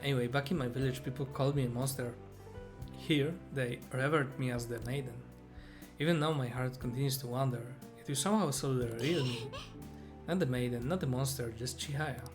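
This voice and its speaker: A man's voice: medium pitch, fairly quick, lightly acted. A man reading aloud the lines of an earnest, remorseful young female fortune teller from a game, in his own plain voice, with game music playing behind.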